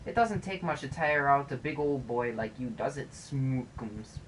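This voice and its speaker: A woman's voice: very deep voice, measured pace, background noise. A woman doing a doting old shopkeeper lady. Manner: sweet, fussing, endearments. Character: kindly older shopkeeper woman, fussy and doting. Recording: game music playing under the voice.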